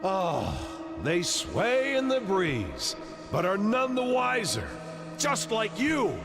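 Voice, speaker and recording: A man's voice: sits high, wildly swooping pitch, full character voice. A stern, theatrical father figure. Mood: mocking, ominous. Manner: slow, grand, lecturing delivery. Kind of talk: game voice acting. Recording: game audio with music underneath.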